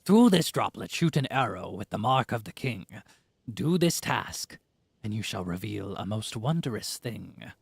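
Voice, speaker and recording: A man's voice: on the low side, very animated, measured pace, vocal fry, breathy edge, no room sound, full character voice. A man voicing a pompous male fish-folk historian in a grandiose, pirate-like reading voice. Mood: awed.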